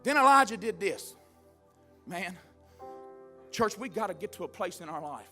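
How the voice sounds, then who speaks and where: A man preaching a sermon, telling stories with fervor and building up to shouts. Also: high-pitched, lively intonation, moderate pace, faint music behind. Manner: fervent storytelling preacher, swells to shouting.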